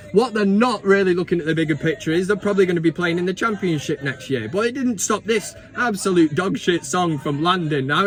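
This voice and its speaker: A man's voice: on the high side, a bit bright. A man in his thirties hosting a football vlog, giving blunt, sweary and mocking commentary in a casual chat.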